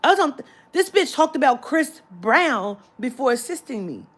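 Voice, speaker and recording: A woman's voice: high voice, normal speed. A woman vlogger telling a story in a casual, profane rant, now and then mimicking the people she met. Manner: profane, animated, mimics clerks' voices.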